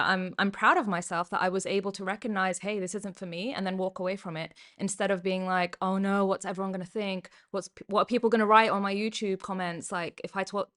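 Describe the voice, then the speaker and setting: A woman's voice: medium pitch, fairly bright tone. Give me a young British woman reading comments aloud and laughing them off. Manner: amused, laughs often, chatty. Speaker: YouTuber and former doctor. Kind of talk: casual reaction vlog, reading comments aloud.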